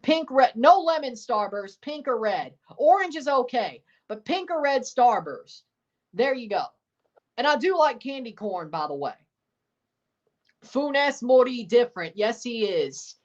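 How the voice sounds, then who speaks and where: With a high voice and large swings in pitch, a woman narrates a football match for her livestream at a measured pace. She's sassy with her chat, and the top end of the audio is cut off.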